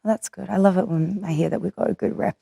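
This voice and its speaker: A woman's voice: on the low side, fairly even intonation, fast, gravelly, mellow, slightly rough, no echo. Chatty Australian woman, dry close sound. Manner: chatty, many filler likes. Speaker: actor. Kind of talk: casual conversation.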